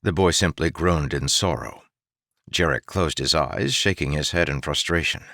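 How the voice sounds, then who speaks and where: Casting: male audiobook narrator, deep and expressive, dry close sound. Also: a little slow, dry recording. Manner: steady narration. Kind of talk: audiobook reading.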